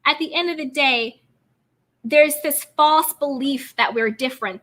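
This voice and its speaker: Young American woman hosting a live chat; high, bright and chatty. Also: measured pace. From United States. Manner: chatty, reads out viewer comments. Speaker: livestream host. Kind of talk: casual live chat commentary.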